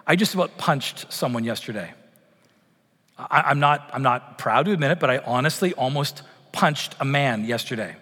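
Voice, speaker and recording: A male pastor delivers a storytelling sermon, his voice sitting a little high for a man. He slips into lively, acted-out quotes as he tells the story. The sound carries a long reverb tail from a large hall. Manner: storytelling, animated when acting out quotes.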